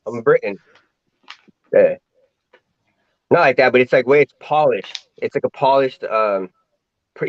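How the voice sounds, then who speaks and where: A man with an American accent chatting casually, rambling with halting restarts. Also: mid-range voice, no echo. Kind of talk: casual chat. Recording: dull dry lo-fi audio.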